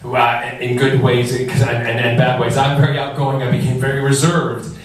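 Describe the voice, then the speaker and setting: Breathless, animated man in an echoey hall. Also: mid-range voice, normal speed. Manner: lively, jokey, breathless anecdotes. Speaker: celebrity panel guest. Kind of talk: animated storytelling on a convention panel. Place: large convention hall. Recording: echoey hall recorded from far off with faint noise.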